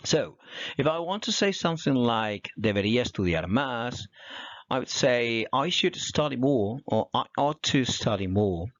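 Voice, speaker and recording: A man teaching an English grammar lesson, explaining slowly with examples. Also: medium pitch, lively intonation, no echo. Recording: dull, dry and lo-fi.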